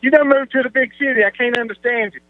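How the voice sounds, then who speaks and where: A man's voice: very high voice, fast, no echo. A man with a Southern US drawl chats in a laid-back way, tossing out crude jokes. His voice comes through a tinny, phone-like line. The sound is dry. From American South. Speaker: co-host. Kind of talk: casual chat.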